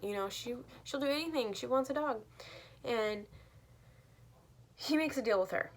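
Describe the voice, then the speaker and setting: A woman in an easygoing, chatty film recap fills her sentences with "like" and stray laughs. Her voice sits at a middle pitch. A faint background hiss runs under the talk. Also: expressive, unhurried, pauses often. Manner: chatty, uses "like" often, laughs mid-sentence. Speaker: movie reviewer. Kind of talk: casual spoken film recap.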